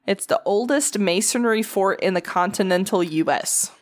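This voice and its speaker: A woman's voice: mid-range voice, normal speed. A tired woman with a Southern accent, co-hosting a casual podcast, reading facts with swearing and jokes and tripping over names. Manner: profane, joking, stumbles over names. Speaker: podcast co-host.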